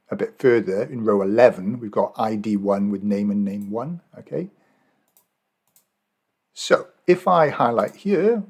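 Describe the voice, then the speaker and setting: Casual husky-voiced Australian man teaching. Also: fairly low pitch. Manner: casual, chatty, thinks aloud with fillers and self-corrections. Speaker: Excel and Power BI trainer. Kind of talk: screen-recorded software tutorial.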